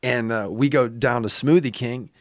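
A man's voice: medium pitch, normal speed, dry recording, clean studio sound. A young male preacher telling a personal story in a loose, casual way with many fillers.

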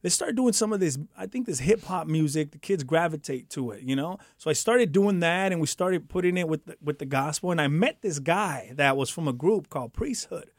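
Man, storyteller, animated, slightly high voice, dry close sound. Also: brisk, hardly any pauses, dry recording. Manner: animated, acts out voices in quotes, laughs often. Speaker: guest telling his testimony. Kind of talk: casual storytelling.

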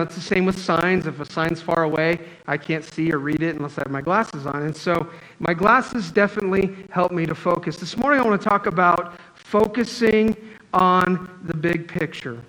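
A man's voice: sits high, a bit bright, poor audio. A man preaching a sermon as pastor, talking in a conversational, joking storytelling way. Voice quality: wears glasses, astigmatism.

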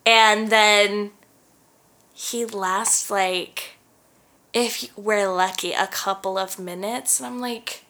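A woman co-hosting a casual podcast. Her voice is bright and sharp. She talks candidly and giggles through her jokes. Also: medium pitch, fairly even intonation, slow. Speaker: podcast co-host.

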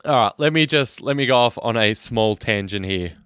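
A man co-hosting a film podcast, animated and quick to laugh. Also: mid-range voice, clean tone, no echo, clean studio sound. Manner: animated, laughs often, does quick voices. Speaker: podcast co-host. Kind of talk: casual film discussion.

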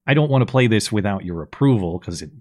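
A man's voice: on the low side, animated, fast talker, a little mellow. Man hosting a chatty podcast. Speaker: podcast host. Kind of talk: casual podcast talk with ad read.

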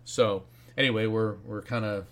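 A man as a guest author and medium in an interview, telling a story in a lively way and acting out the voices he quotes. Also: fairly low pitch, moderate pace.

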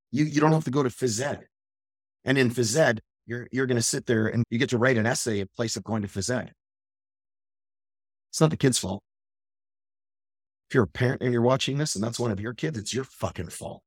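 A middle-aged man delivers a fierce motivational rant as a podcast host, swearing freely and pushing hard at his listeners. His voice is slightly husky, and he sits in a dry, close room. He climbs from low, grim storytelling into loud, high-pitched tirades. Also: no echo. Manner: intense, profane, confrontational; rises to loud ranting. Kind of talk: motivational monologue.

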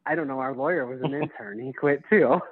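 A man's voice: medium pitch, brisk, dry recording, phone-quality sound. A man from Wisconsin co-hosting a podcast, joking around in casual, chatty talk. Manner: jokey, chatty. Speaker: podcast co-host. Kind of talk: casual chat.

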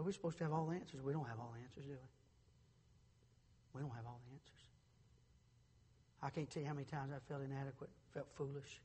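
A middle-aged male pastor preaching a sermon in a church, moving from quiet storytelling to shouted preaching. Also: mid-range voice, breathy edge, long reverb tail. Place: church sanctuary.

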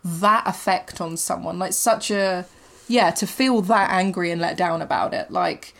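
A woman co-hosting a casual film podcast, chatty and expressive with frequent agreeing murmurs. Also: on the low side, a little slow, vocal fry. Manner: chatty, lots of backchannel, expressive asides. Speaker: podcast co-host.

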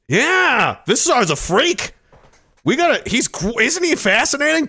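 Lively, joking male streamer. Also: very high-pitched, a little slow, husky, dry recording. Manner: rambling, joking, laughs often, swears. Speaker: streamer host. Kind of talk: casual comedic chat.

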